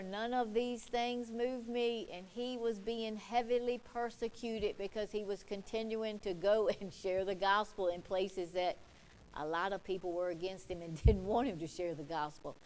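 A woman's voice: medium pitch, steady tone, moderate pace, darkish tone, rough recording. A woman preacher delivering an emphatic sermon, repeating points and quoting scripture. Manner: emphatic, repetitive, quotes scripture.

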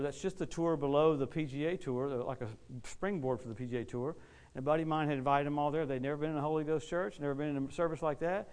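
A middle-aged man preaching a sermon, telling stories quickly and animatedly, acting out quotes and laughing along. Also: a little high, a little mellow. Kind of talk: storytelling sermon.

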